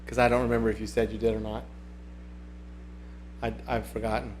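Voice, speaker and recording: A man's voice: on the low side, level tone, a little fast, a little mellow, slight background noise. A man hosting a casual livestream, chatting and reading viewer comments aloud in a rambling way that often repeats itself. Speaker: livestream host.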